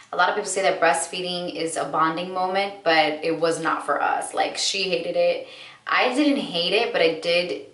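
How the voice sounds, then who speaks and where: A woman's voice: fairly low pitch, fairly bright tone. A woman in her late twenties, a vlogger and mother, telling a candid story in a chatty, heartfelt way with lots of casual fillers. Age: late 20s. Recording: roomy, distant mic.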